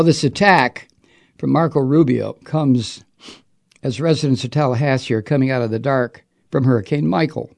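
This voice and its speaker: A man's voice: mid-range voice, creaky, darkish tone. A man delivering an angry, profane and sarcastic political monologue. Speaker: political commentator.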